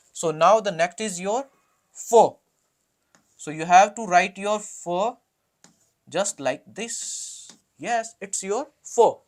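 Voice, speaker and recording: A language teacher slowly explaining letters, with frequent fillers and hesitations, a Hindi native speaker. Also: medium pitch. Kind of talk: alphabet lesson.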